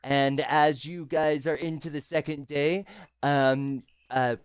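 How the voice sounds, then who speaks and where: A man's voice: a little high, fairly even intonation, slow pace, smooth, no room sound. A man narrating a tabletop game as game master over a voice chat, hesitant with many ums. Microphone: voice chat call.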